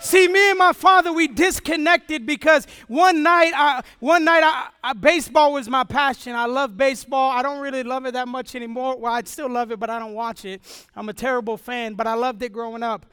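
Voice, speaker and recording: A young man giving an impassioned sermon testimony, swinging from shouting to hushed. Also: very high-pitched, fairly even intonation, brisk, clear, resonant tone, no echo, studio quality.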